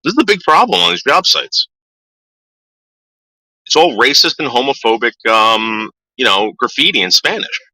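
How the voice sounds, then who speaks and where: A man's voice: mid-range voice, sing-song, normal speed, pauses often, bright, forceful tone, no echo, low-quality recording. A middle-aged man ranting casually to his viewers, swearing a lot and stumbling over repeated words. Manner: profane, stammering repeats. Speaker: vlogger. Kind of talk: casual rant.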